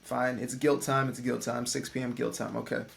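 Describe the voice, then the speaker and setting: A man's voice: medium pitch, little pitch movement, moderate pace, vocal fry. A man voicing his own brain as a reluctant figure that gives in to old habits, speaking in a hesitant, resigned way.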